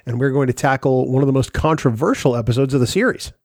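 A man's voice: medium pitch, quick pace, darkish tone, no room sound. A man hosting a podcast, reading the outro and teasing his co-host in a dry way. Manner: dry, teasing, some hesitant fillers. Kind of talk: casual podcast banter and show outro.

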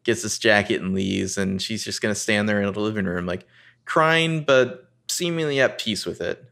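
A man co-hosting a casual podcast, retelling a TV scene and acting out lines with lively rises. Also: lowish voice, normal speed, creaky. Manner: narrates scenes and reads dialogue with animated rises. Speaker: podcast co-host recapping a TV episode. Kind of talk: casual chat.

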